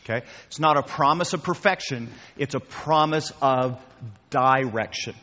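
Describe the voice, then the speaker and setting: Male preacher, mid-pitch, chatty delivery; dull recording in a reverberant hall. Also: measured pace, sharp tone. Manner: conversational, repeats key phrases, addresses listeners as guys. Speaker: pastor. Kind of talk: sermon with audience questions. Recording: muffled sound with long hall reverb.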